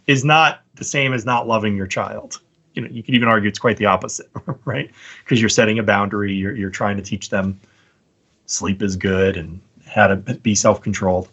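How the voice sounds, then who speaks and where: A man's voice: lowish voice, moderate pace, fairly bright tone, slightly rough, muffled recording. A man hosting a casual debate, making his points through stories and often checking in with "right?". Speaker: podcast host debating a guest.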